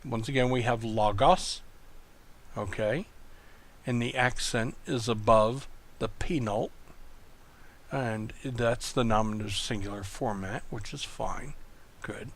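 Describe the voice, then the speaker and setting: A man teaching a recorded online Greek lesson, explaining slowly and patiently, with many pauses and ums. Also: mid-range voice. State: coughing. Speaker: Greek tutor.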